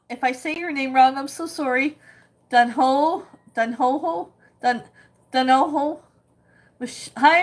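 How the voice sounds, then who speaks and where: A woman hosting a casual cooking livestream, reading viewer comments aloud, chatty and quick to laugh. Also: high voice, a bit bright.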